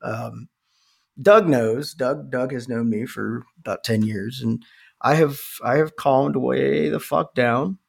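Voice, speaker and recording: Gravelly middle-aged man, casual co-host, profane rambling storyteller. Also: medium pitch, takes it slowly. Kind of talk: casual chat.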